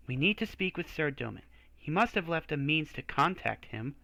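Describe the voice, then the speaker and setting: A male streamer playing through a fantasy game, reading his character's lines with wry, joking asides. His voice is bright and fairly high, and it rises and falls a lot. The sound is dry and close. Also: sing-song, brisk, gravelly, no room sound. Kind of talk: playthrough commentary and reading dialogue.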